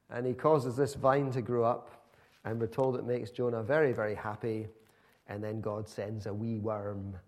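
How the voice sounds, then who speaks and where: A man's voice: medium pitch, a little mellow. A man preaching a sermon in a conversational, emphatic storytelling manner.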